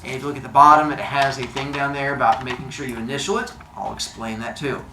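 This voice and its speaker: A man's voice: mid-range voice, fairly even intonation, fast talker, background noise. A man teaching a class, giving quiz instructions in a playful, jokey way with silly made-up words. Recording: echoey classroom, faint ambience.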